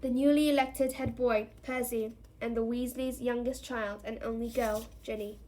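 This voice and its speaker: Woman reading a novel aloud, higher voice. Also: normal speed, a little hiss or hum. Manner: steady storytelling, voicing each character. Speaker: reader.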